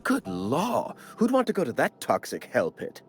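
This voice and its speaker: A man's voice: medium pitch, wildly swooping pitch, normal speed. An actor voicing a fussy, condescending male corporate bureaucrat in a video game, with a prim, theatrical delivery. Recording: soft game music behind.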